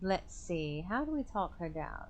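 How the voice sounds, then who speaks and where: A young woman streaming a game, chatting and thinking aloud, with sudden excited outbursts. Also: lowish voice, measured pace, a little hiss or hum. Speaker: gaming streamer. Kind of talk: let's play commentary.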